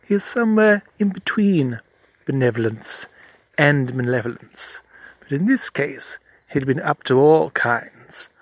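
A man's voice: mid-range voice, dry recording. A man narrating a mock-serious comedy in a pompous, formal, wordy and dry manner. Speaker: narrator and comic investigator.

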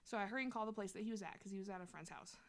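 A woman's voice: mid-range voice, racing. A young adult woman telling a personal story in casual chat, candid and slangy, swearing freely.

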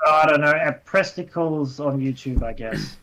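Higher-voiced young co-host. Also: male voice, unhurried, crowd noise, rough recording. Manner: storytelling, animated, bursts into laughs. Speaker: podcast co-host. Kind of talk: casual chat.

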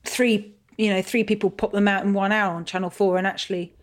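A woman's voice: mid-range voice, little pitch movement, brisk. A woman, a podcast guest in casual chat, playful and thinking aloud.

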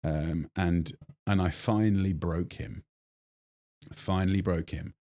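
An English man in his forties, a chef being interviewed, telling animated stories full of fillers and restarts. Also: sits low, slow pace. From England. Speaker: guest chef. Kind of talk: casual interview chat.

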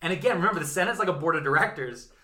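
Brief: male podcast co-host, bright lively delivery, swearing storyteller, echoey room. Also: a little high, very fast. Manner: profane, animated retelling with modern workplace analogies. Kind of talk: casual comedic history storytelling.

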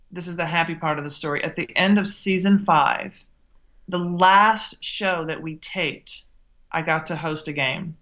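A middle-aged woman speaks as an interview guest, with a bright, forceful tone of voice. She tells her stories with animation and plays out the conversations she remembers. Her colors every line. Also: fairly low pitch. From Southern United States. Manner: animated storyteller who acts out remembered exchanges. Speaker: guest, TV chef. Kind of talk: interview storytelling.

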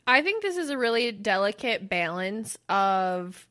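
Brief: female co-host, bright, slow measured delivery, dry humor. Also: mid-range voice, very animated. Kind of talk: casual chat.

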